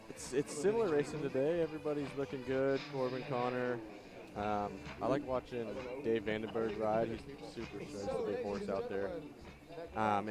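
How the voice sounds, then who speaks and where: Laid-back male rider in a casual interview. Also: mid-range voice. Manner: laid-back, filler-heavy. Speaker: rider and assistant coach, guest. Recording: loud music behind the voice.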